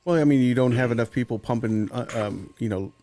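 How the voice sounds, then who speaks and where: A man's voice: mid-range voice, a little fast, dark tone. A man co-hosting a podcast in casual chat, answering with wry one-liners. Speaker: podcast co-host.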